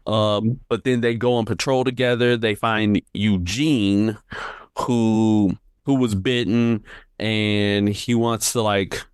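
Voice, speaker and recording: A man's voice: fairly low pitch, slow, clean tone, no echo, studio quality. A man co-hosting a podcast, recapping a TV episode in a loose, rambling way, full of "like" and "uh". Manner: relaxed, rambling, lots of fillers. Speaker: podcast co-host. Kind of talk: casual recap chat.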